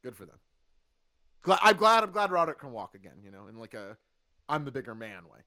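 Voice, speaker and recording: Lively, animated man reviewing wrestling. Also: fairly high pitch, a little fast. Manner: animated, sarcastic, acts out quotes in funny voices. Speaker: podcast host reviewing wrestling. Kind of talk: casual chat.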